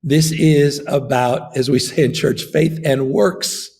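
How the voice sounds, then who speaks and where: A man's voice: fairly high pitch, steady tone, takes it slowly, darkish tone. A man, a governor, giving an impassioned political interview, emphatic and fond of repeating his phrases.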